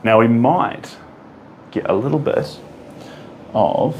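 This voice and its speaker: A man talks casually while he paints live, humming little tunes and reading out viewer comments as they come in. His voice moves a lot, rising and falling in lively swings. A faint hum of studio noise sits behind him. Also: medium pitch, slow pace, creaky, long pauses. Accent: non-American English, rolled R. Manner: chatty, hums and sings to himself, reads out and answers chat comments. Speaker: artist streaming live painting.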